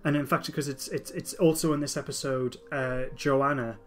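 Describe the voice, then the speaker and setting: This is a podcast host with a medium-pitched, steady voice. He's enthusiastic in a casual discussion but halting, often breaking off and beginning his sentences again.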